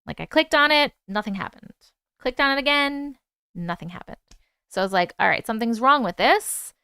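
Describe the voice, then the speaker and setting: A woman hosting a livestream, casually telling a story, animated and profane, acting out the voices she quotes. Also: fairly high pitch, normal speed, clean tone, no room sound, studio quality. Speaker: host. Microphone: wireless clip-on mic.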